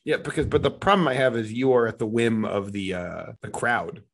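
A man's voice: mid-range voice, a little fast, gravelly, a little hiss or hum. Teasing man pushing back on bits. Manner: teasing, critiquing his partner's bits. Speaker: podcast co-host. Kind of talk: casual comedic chat.

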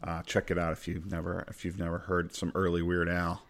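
Deep voiced guy hosting a podcast, goofy game show host energy now and then, laid back chat. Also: monotone, fairly quick, a bit bright. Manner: playful, sometimes booming game-show-host delivery. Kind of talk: casual chat.

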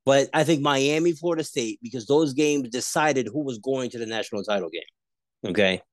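A man co-hosting a casual sports podcast, debating rivalries and jumping high in pitch when he argues. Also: moderate pace, dry recording. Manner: animated, pitch jumps high when arguing.

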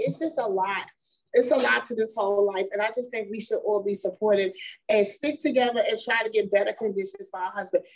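Animated woman with AAVE speech. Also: fairly high pitch, rough recording. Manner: animated, emphatic, repeats words, laughs while talking. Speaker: wife of an incarcerated man. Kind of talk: candid conversational testimony.

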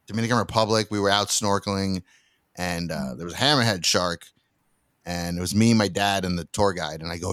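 A low-voiced man tells stories in a loose podcast chat, slipping into the voices of the people he quotes. The sound is close and dry, with no room around it. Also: a little fast, smooth, no room sound. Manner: animated storyteller, acts out quotes. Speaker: podcast guest.

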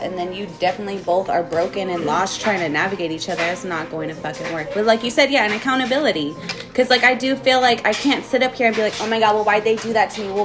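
Blunt, swearing woman in casual chat. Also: medium pitch. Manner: blunt, animated, swears often.

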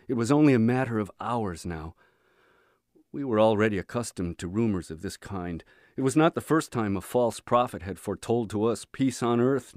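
A man reading a book aloud as an audiobook for his students, measured and earnest. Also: lowish voice, a little mellow, dry recording, clean studio sound.

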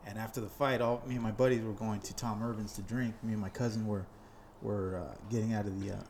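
A man's voice: lowish voice, steady tone, quick pace, darkish tone, a little hiss or hum. A man co-hosting a podcast, telling a story in an upbeat, casual way. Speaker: podcast co-host.

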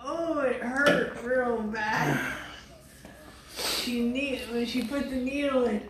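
A woman's voice: fairly high pitch, slow, roomy sound, background noise. A woman chatting casually, giving short plain replies. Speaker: vlogger's wife. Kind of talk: casual chat.

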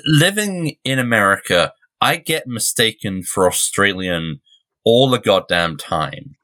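A man's voice: on the low side, animated, measured pace, sharp tone. A young English man co-hosting a podcast, rambling through digressions and swearing freely. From England. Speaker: podcast co-host. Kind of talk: casual chat.

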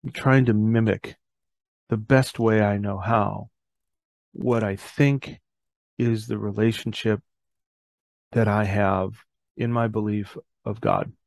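Podcast host, middle-aged man, gravelly, earnest reflective talk, dry close sound. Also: on the low side, steady tone, slow pace, long pauses, a little mellow, no room sound. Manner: earnest, reads scripture aloud, self-correcting.

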